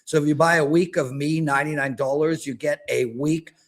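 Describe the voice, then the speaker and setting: A man in his fifties, a sports betting handicapper talking in an animated, ranting, exaggerated way during a casual chat. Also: a little high, brisk. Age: 50s.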